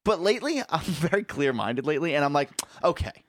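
A man's voice: on the high side, sing-song, brisk, dry recording. A young man co-hosting a casual chat, reflective and easygoing, chiming in with short agreement. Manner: laid-back, reflective, chimes in with short agreement.

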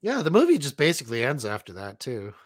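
A man's voice: mid-range voice, wildly swooping pitch, fast talker, no room sound, studio quality. A man chatting casually while reacting to a movie, joking along with his cohost. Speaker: movie commentator.

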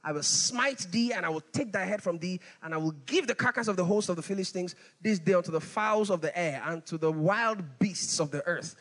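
Sermon reading: man voicing a defiant shepherd, solemn and bright, in a reverberant hall. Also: high-pitched, fairly quick, few pauses, pitched below the performer's own voice. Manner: solemn, declaiming scripture. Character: bold young shepherd boy, confident in God.

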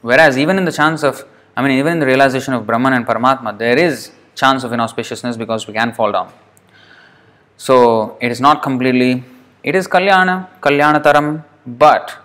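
A man's voice: mid-range voice, moderate pace, fairly bright tone. Man teaching a scripture class. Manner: reads a passage aloud, then explains it with rhetorical questions.

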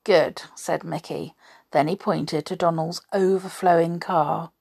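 A woman's voice: fairly low pitch, steady tone, a little slow, gravelly, darkish tone, slightly rough. A woman reading a children's story aloud, then chatting in a homely way to her listeners. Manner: chatty, homely, laughing asides.

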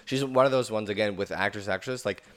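A man's voice: fairly low pitch, fast talker, fairly bright tone. A young man co-hosting a casual podcast, rambling in a laid-back way. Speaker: podcast co-host. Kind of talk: casual chat.

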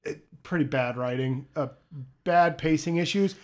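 A man co-hosting a podcast in loose, rambling chat. He swears freely, laughs often, and his voice sits slightly high. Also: moderate pace. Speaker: podcast co-host. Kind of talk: casual chat.

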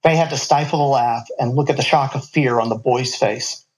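Brief: male storyteller, mid-pitched voice, relaxed reading with casual asides. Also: moderate pace, low-quality recording. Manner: casual asides between passages.

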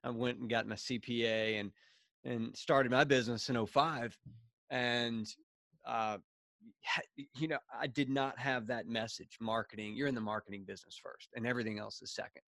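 A man's voice: medium pitch, fairly even intonation, moderate pace, gravelly, a bit bright, no echo. A man hosting an interview, an accountant, reacting and reflecting in casual chat. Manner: brief, affirming responses.

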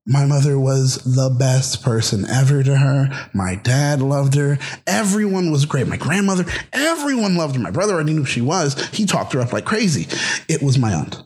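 A man of Haitian background, co-hosting a dating podcast, tells a story in an animated, casual way, often laughing and tossing in quick asides. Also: mid-range voice. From Haitian family.

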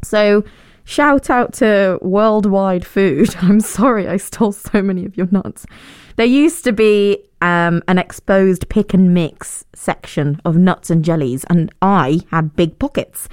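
A woman's voice: mid-range voice, takes it slowly, a little mellow, smooth, no room sound, clean studio sound. A young woman, hosting a podcast and telling stories in a chatty, self-deprecating way with frequent laughs. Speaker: podcast host. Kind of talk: casual storytelling monologue.

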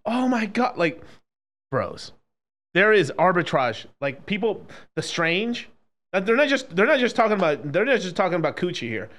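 A man ranting casually on a stream, profane and animated, swinging between loud outbursts and low mutters. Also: moderate pace.

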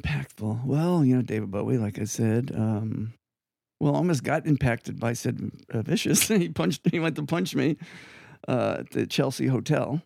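An older man from Long Island, a guest musician telling rambling, animated stories with frequent asides in an interview. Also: medium pitch, moderate pace, vocal fry, slightly rough, dry recording, clean studio sound. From Long Island, New York. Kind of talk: anecdotal storytelling in an interview.

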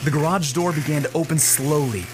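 A man's voice: fairly high pitch, fairly quick, background noise. A middle-aged man narrating a comic, self-mocking first-person story.

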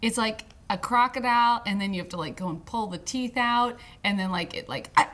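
A woman's voice: a little high, fairly quick, a bit bright. A woman co-hosting a theater podcast, chatting in a playful, joking way. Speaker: podcast co-host. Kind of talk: casual podcast chat.

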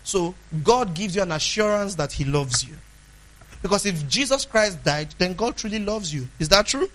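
High, bright-voiced preacher. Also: male voice, animated, moderate pace, low-quality recording. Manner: emphatic, asks the congregation questions, swings between loud and hushed. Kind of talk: sermon.

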